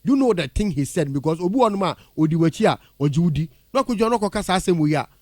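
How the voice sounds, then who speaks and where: A man with a Ghanaian accent in heated radio talk, animated and indignant, switching between English and Twi. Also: high voice, very fast, no room sound, studio quality.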